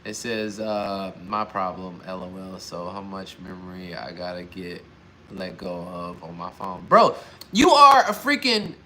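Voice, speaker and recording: A man co-hosting a casual morning livestream, joking and getting loud and animated when excited. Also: sits low, a little slow, slight background noise.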